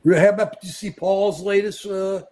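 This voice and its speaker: Man, animated, fairly high voice, live political talk, calls out to viewers. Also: moderate pace. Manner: animated, talks to viewers by name. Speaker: co-host. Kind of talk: live political chat show. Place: at home in New York.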